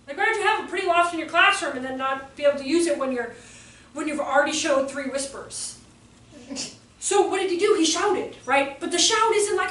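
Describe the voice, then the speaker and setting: A woman educator telling classroom stories to an audience, animated and acting out children's voices. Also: high voice, moderate pace. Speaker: educator giving a talk. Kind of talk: storytelling presentation to an audience. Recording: echoey room, far from the mic, faint noise.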